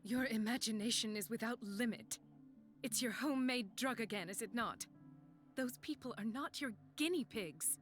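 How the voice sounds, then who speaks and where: A woman's voice: a little high, normal speed, soft background music, close to an everyday voice. An actress voicing a principled female doctor who speaks earnestly and firmly in a video game. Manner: earnest, firm. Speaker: physician.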